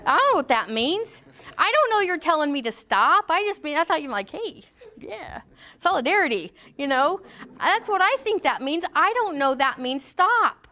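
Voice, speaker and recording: A woman's voice: sits high, big pitch swings, a little fast, sharp tone. A middle-aged woman teaching a workplace safety class in a joking way, acting out what people say in funny voices. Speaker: safety trainer. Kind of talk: classroom training talk.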